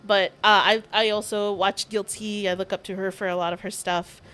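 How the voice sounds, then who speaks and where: A woman's voice: medium pitch, flat delivery, normal speed, a bit bright. A young woman streamer chatting casually with her viewers, rambling and gushing as she tells a story, often giggling. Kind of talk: casual livestream chat.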